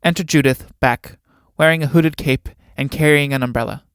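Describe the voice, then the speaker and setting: A man reading a play aloud, giving the stage directions in an even, matter-of-fact way. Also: fairly high pitch, normal speed, smooth, no echo, clean studio sound.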